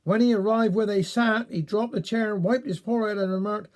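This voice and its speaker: A man with a Cornish accent reading a dialect story aloud in an unhurried, homely way. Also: sits high, fairly even intonation.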